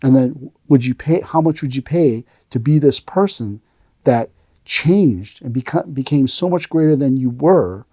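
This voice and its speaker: A man's voice: medium pitch, unhurried, no echo, clean studio sound. A middle-aged man, an aikido instructor, hosting a casual podcast chat and animatedly acting out the lines in his stories. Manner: animated storyteller who acts out quoted lines.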